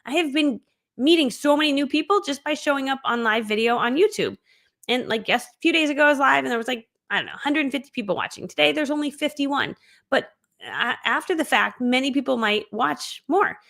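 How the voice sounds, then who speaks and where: Woman host, live online training, high-leaning voice, energetic and chatty. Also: a little fast, creaky. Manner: energetic, amped-up, chatty, laughs often. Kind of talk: live-streamed training talk.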